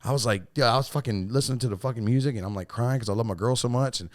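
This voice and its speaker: A man hosting a podcast in casual chat, loose and swearing, with many restarts and sudden louder bursts. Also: medium pitch, very fast, no echo, clean studio sound. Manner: loose and swearing, restarts a lot, bursts up loud when excited. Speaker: podcast host and coach.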